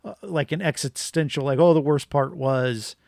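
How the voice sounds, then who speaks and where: A man's voice: fairly high pitch, normal speed, gravelly, no room sound, clean studio sound. A man co-hosting a podcast, giving an opinionated, rambling movie review in casual chat. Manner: rambling, opinionated, animated rants. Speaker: podcast co-host.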